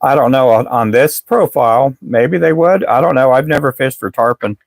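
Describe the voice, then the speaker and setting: Man, live stream host, rambling casual chat, losing his voice, gravelly, dry sound. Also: mid-range voice, moderate pace, no echo. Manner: rambling, restarts often, greets chatters by name. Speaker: live stream host selling fishing lures.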